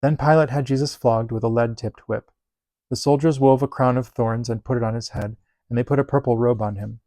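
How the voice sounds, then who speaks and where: A man reading Bible passages aloud in a steady, measured delivery. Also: mid-range voice, no echo. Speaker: Bible reader.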